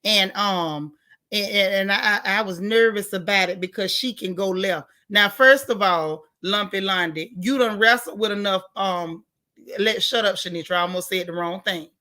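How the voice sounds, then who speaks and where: A woman hosting a casual live stream, reading viewer comments and giving outspoken, animated reactions in colloquial talk. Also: medium pitch, moderate pace. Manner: outspoken, animated, colloquial, talks back to the chat.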